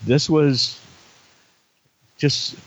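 A man's voice: on the high side, steady tone, drawn-out words, creaky, breathy edge, lo-fi sound. A man co-hosting a podcast, making his points emphatically in casual talk. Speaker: podcast co-host. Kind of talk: casual chat.

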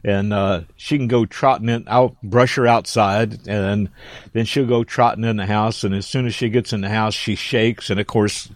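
A man with a lowish voice chats easily on a podcast, telling little stories from home. The dry close mic gives no room sound. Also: steady tone, moderate pace, no echo. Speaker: podcast co-host. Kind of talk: casual podcast chat.

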